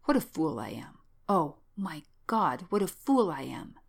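A woman's voice: fairly low pitch, animated, normal speed, close to an everyday voice. A woman reading a shaken, fretful young scholar. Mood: agitated. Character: nervous young male scholar, shaken and excitable.

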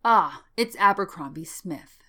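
Shaken, excitable young man , read by a woman; low voice, fretful storybook scholar. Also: moderate pace, lightly acted. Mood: agitated.

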